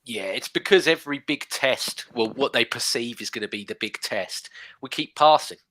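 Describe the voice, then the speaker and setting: Cohost, thirties man, bright forceful voice, run-on explainer. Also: mid-range voice, normal speed. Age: 30s. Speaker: podcast co-host. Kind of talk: casual football chat.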